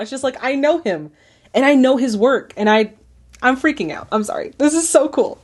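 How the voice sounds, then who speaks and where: A young woman hosting a film reaction, talking in a gushing, excitable way full of "like"s. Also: a little high, brisk. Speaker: host reacting to a classic film. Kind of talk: casual reaction commentary.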